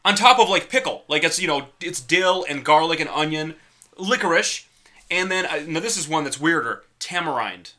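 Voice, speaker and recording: A young man co-hosting a casual podcast, telling a story in a profane, animated way. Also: fairly high pitch, moderate pace. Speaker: podcast co-host. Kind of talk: casual chat.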